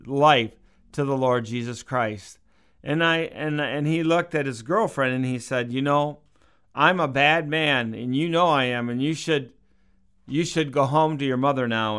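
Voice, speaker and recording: A man giving a radio sermon, telling a personal story in an earnest, gentle way and slowing down on key phrases. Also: mid-range voice, smooth. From Canada. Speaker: radio preacher.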